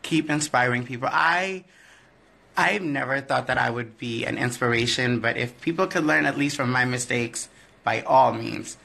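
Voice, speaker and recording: A man's voice: mid-range voice, normal speed, gravelly, sharp tone. A man who performs in drag, answering fan questions in a candid, profane live-stream chat and often trailing off with "I don't know.".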